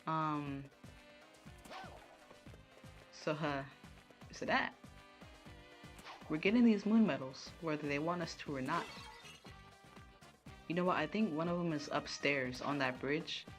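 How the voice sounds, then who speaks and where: A low-pitched woman streams a game from a room at home. She chats casually and keeps talking to her viewers as she plays. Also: measured pace, long pauses, faint music behind. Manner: chatty, talking to chat while playing.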